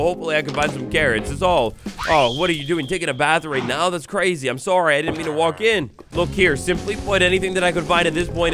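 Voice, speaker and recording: Animated young man narrating a game. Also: on the high side. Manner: playful, theatrical, talks to game animals. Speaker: gaming YouTuber. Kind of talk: Minecraft let's play commentary.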